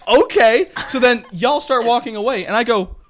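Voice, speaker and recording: A man's voice: extremely high pitch, a little fast, fairly bright tone, a little hiss or hum. A young man co-hosting a casual podcast, telling a story with lots of laughing and swearing. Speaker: podcast co-host.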